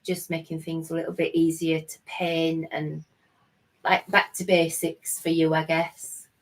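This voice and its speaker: Slow-talking playful woman. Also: sits low, level tone. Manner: teasing, playful, reads out chat comments. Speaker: co-host. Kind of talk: casual livestream chat.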